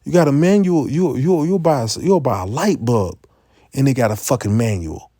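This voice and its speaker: A man giving a profane, impassioned street-preaching rant, full of stammered restarts and sudden rises to near-shouting. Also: medium pitch, moderate pace, no echo.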